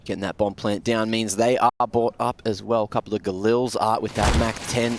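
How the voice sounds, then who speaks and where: A man's voice: fairly low pitch, level tone. Australian man calling esports play. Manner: brisk, colloquial, sporty slang. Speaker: esports caster. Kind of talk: play-by-play commentary. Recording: noisy game audio behind.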